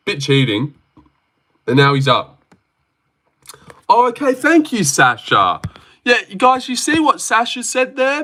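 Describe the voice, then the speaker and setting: A young man runs a casual livestream, answering his chat in a brash, swearing, teasing way. His voice sits a little high for a man and rings very bright and forceful. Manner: brash and profane, banters with chat. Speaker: livestream host.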